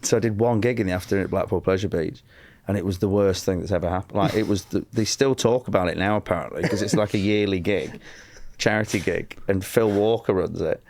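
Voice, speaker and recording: A man's voice: fairly low pitch, a little mellow. English comedian guy spinning a yarn on a podcast, acts out the quotes, keeps cracking up. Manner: storytelling with acted-out quotes, laughing often. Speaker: comedian guest. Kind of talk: animated anecdote on a podcast.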